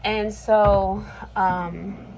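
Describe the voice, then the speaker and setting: A woman's voice: mid-range voice, steady tone, extremely slow, darkish tone, slight background noise, poor audio. A woman vlogging casually in her kitchen, venting with frustration and swearing freely. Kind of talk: casual chat. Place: home kitchen.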